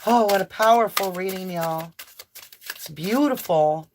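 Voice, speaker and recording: A woman's voice: medium pitch, measured pace, noisy background. A woman giving an impassioned, preachy tarot reading full of emphatic declarations. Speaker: tarot reader. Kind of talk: spiritual tarot reading monologue.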